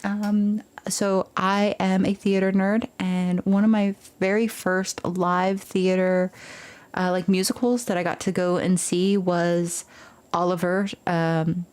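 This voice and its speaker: A woman's voice: on the low side, flat delivery, slow pace, a little mellow, smooth. A young woman streaming a game, chatting casually with viewers in a playful, rambling way. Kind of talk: casual live-stream chat.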